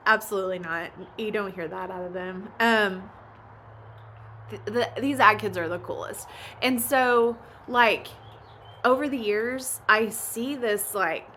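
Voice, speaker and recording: A woman in her forties with a drawl talks in a loose, rambling way, laughing often and easing into emotion. Her voice sounds bright and forward at a middle pitch. A faint room ambience sits behind her. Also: slight background noise. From Oklahoma. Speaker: vlogger and ranch mom. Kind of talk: casual chat.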